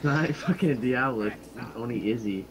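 A man's voice: normal speed, crowd noise. An Irish man raging and swearing constantly while gaming over voice chat. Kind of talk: casual profane gaming chat. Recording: loud noisy low-quality voice chat.

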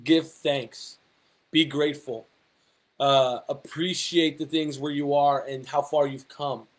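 Upbeat male fitness coach, slightly high voice. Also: fairly even intonation, slow pace. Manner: conversational, many fillers and rhetorical questions. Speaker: fitness coach and personal trainer. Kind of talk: casual motivational talk to camera.

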